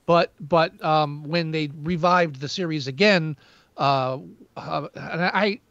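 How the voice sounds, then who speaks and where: A man's voice: on the high side, takes it slowly, fairly bright tone, dry recording, dull audio. A man co-hosting a casual movie review chat, rambling with many fillers and restarts. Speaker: podcast co-host.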